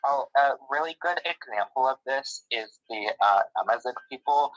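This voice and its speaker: A man in casual discussion, animated and exasperated, with frequent fillers. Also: mid-range voice, normal speed, poor audio.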